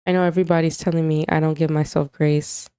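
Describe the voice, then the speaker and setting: Woman host with a warm, smooth voice. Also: sits low, level tone, fast, no echo, studio quality. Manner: confiding, emotional, talks straight to moms. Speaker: podcast host. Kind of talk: candid casual monologue.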